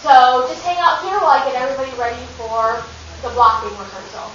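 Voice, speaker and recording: A woman's voice: sits high, lively intonation, fast, a bit bright. A woman leading a children's drama rehearsal, upbeat and encouraging, giving step-by-step instructions. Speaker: drama workshop teacher. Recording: distant, echoey, dull lo-fi recording with hiss.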